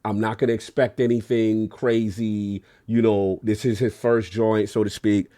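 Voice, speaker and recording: A man co-hosting a gaming podcast in casual, slangy chat, acting out quotes with big jumps in pitch. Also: little pitch movement, normal speed, dark tone, dry recording, clean studio sound. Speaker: podcast co-host.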